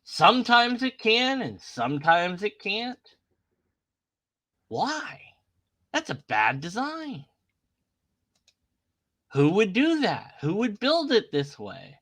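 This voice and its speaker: A man's voice: high voice, huge pitch swings, takes it slowly, long pauses, a bit bright. A man hosting a casual online video, talking sarcastically through a string of questions and mock voices. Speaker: YouTube host. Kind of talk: casual commentary on images.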